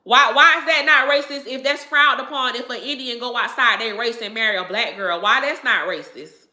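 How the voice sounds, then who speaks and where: A woman's voice: a little high, moderate pace, bright, forceful tone, echoey room. A woman hosting a casual livestream, talking emphatically, repeating herself and laughing often. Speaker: livestream host answering viewers.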